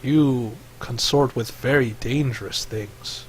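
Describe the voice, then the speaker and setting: A calm old serpent creature speaks in slow, measured musings, as a man puts him on. His voice sits at an ordinary middle pitch. A faint hiss of background noise runs under the voice. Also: close to an everyday voice, poor audio.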